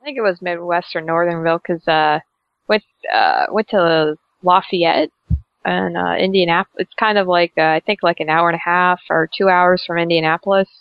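A woman's voice: on the low side, moderate pace, clean tone, no echo. A woman from South Carolina chatting casually on a podcast, giggly and hesitant, with lots of fillers. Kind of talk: casual chat. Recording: dull lo-fi sound.

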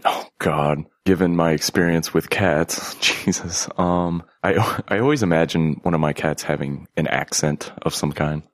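A man with a very low voice chats loosely as a podcast co-host, often laughing and poking fun at himself. The sound is dry and close, with no room around it. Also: a little slow, hardly any pauses, no room sound. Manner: laughs often, self-deprecating. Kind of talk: casual chat.

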